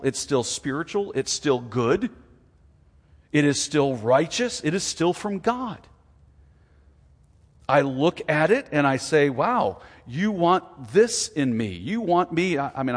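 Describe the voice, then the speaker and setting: A man in his forties preaching a sermon as a pastor, earnest and acting out little dialogues with God. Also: mid-range voice. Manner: earnest, acts out dialogue with God in lively voices. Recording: long hall reverb.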